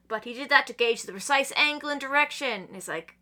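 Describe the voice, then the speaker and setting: A woman chatting on a podcast, excitedly retelling manga chapters and acting out the characters' lines between laughs. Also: sits high, quick pace. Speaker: podcast guest. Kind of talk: casual chat recapping manga chapters.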